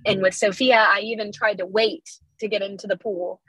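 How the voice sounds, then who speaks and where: A woman's voice: mid-range voice, steady tone, moderate pace, fairly bright tone, slightly rough, no echo, low-quality recording. A woman working as a midwife, telling her own birth story in an emotional, heartfelt way with many fillers and restarts. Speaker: traditional midwife, guest.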